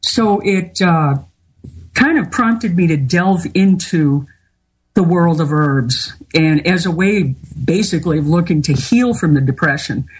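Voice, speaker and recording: A woman being interviewed as a guest, talking candidly and at length with many pauses and fillers. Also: fairly low pitch, expressive, slightly rough. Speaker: interview guest, artist and healer. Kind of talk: casual interview talk.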